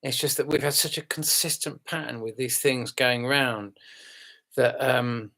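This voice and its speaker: Yawning and relaxed after some red wine, a man hosts a casual live stream, rambling and halting with plenty of fillers. He has a mid-range voice with vocal fry.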